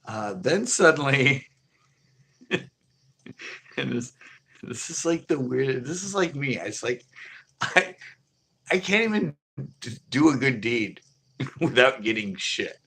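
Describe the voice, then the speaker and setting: A man's voice: mid-range voice, sing-song, takes it slowly, long pauses, a bit bright. A man who runs a local store, telling a casual live story in a rambling, profane way with many restarts. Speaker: local fish store owner.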